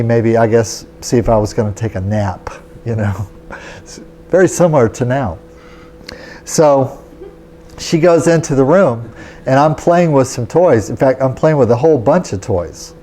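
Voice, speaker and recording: A man's voice: medium pitch, mellow. A man, a yoga teacher, telling a personal story in a casual, chatty lecture, often checking in with his listeners.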